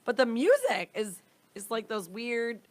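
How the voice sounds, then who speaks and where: A woman's voice: a little high, very animated, measured pace. A young adult woman co-hosting a comedy podcast, chatting casually with giggles and exclamations. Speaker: podcast co-host. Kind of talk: casual chat.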